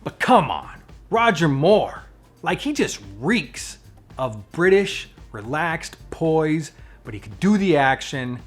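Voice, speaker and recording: A man's voice: fairly high pitch, takes it slowly, faint music behind. Playful, opinionated man vlogging casually. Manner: playful, animated, jokingly opinionated. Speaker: vlogger and channel host. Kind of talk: casual chatty vlog.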